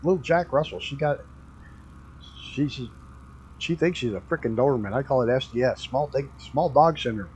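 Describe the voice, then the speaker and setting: A man's voice: mid-range voice, normal speed, darkish tone, highs cut off, a little hiss or hum. A man streaming a flight game, chatting casually and rambling through stories with the odd swear word. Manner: laid-back rambling storyteller, swears casually.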